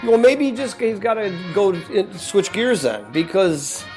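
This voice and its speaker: Brief: older male co-host, high and lively voice, halting rambling delivery. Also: faint music behind. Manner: rambling, halting, many restarts. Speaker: podcast co-host. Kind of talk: casual sports chat.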